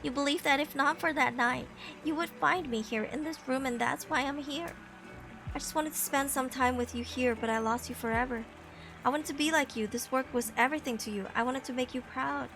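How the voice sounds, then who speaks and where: A woman voicing a gentle, loving ghost of a mother in a video game, speaking softly and reassuringly. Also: sits high, fairly quick, over music. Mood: tender. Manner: soft, tender, reassuring. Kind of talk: game voice acting.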